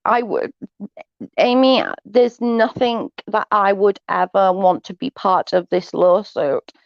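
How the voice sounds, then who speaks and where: A woman's voice: mid-range voice, steady tone, takes it slowly, no room sound, dull audio. A woman hosting a casual livestream, reading viewer chat and giving blunt, sarcastic, gossipy opinions.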